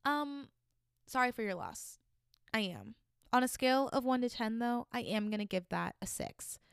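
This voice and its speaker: A woman in her twenties hosting a solo podcast, reading listener stories aloud and reacting with loud, swearing outbursts. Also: fairly high pitch, moderate pace, creaky, clear, resonant tone, no room sound, clean studio sound. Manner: animated, swearing, reacting loudly. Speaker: podcast host.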